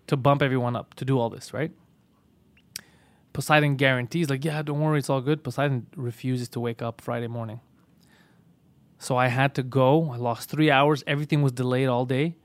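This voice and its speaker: A man hosting a podcast, telling an animated, profane story in casual chat. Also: mid-range voice, moderate pace, no echo. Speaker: podcast host.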